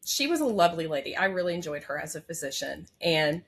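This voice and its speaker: A fast-talking woman with a low, gravelly, sing-song voice appears as a podcast guest. A labor and delivery nurse in her thirties, she recounts her personal story emotionally and candidly, sprinkling in many fillers.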